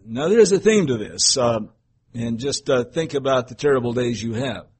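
A man's voice: mid-range voice, expressive, moderate pace, darkish tone, breathy edge. A pastor reading a children's story aloud to his congregation, with chatty asides and laughs at himself.

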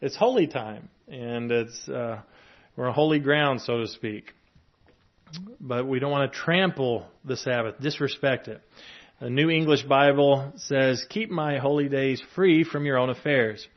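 A man's voice: mid-range voice, measured pace, muffled recording. A man preaching a sermon in a conversational way, reading scripture and adding asides with small chuckles and fillers. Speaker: pastor.

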